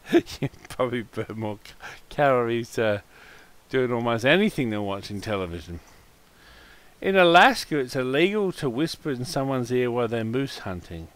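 A man chatting casually while waiting for a game, reading out random facts with crude swearing and loud laughing outbursts. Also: medium pitch, expressive, moderate pace.

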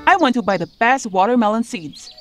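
A woman's voice: on the high side, expressive, a little fast, over music, natural voice. A woman voicing eager, chatty cartoon toy characters in a children's story. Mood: chirpy. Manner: chirpy, exclamatory dialogue.

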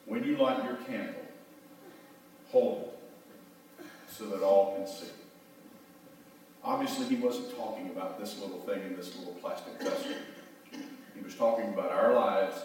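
Middle-aged pastor with a low voice, echoey hall. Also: male voice, normal speed, long pauses, a little mellow, recorded from a distance. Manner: folksy storytelling, leads call-and-response prayer. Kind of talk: sermon. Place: church sanctuary.

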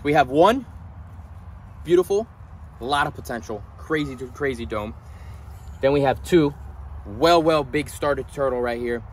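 A man hosting a casual vlog at his animal ranch, gushing with excitement and at times quietly sad. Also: mid-range voice, a little slow, pauses often, slight background noise. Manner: gushing, excitable, swings from loud delight to quiet sadness. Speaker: reptile breeder and channel host. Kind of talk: casual vlog talk to camera.

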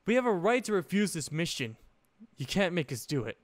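A man voicing a fiery, protective young woman who argues forcefully and in a panic. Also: medium pitch, normal speed, clear, resonant tone, no room sound, natural voice. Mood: defiant.

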